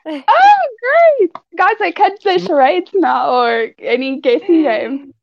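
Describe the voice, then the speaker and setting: A woman's voice: high-pitched, unhurried, creaky, no echo, highs cut off. A woman from South Africa, a podcast guest, chatting casually and giggling often. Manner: giggly, expressive.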